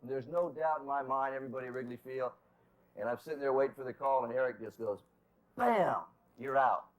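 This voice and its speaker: A man's voice: mid-range voice, fairly even intonation, quick pace, poor audio. A man, a former ballplayer, telling a teasing story in an interview. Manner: joking, teasing. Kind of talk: anecdotal interview.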